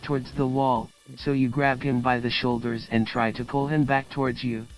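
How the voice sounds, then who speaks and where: A man on a live stream reading out an AI-written story in a plain, even manner. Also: medium pitch, normal speed, faint music behind. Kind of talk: reading story text aloud.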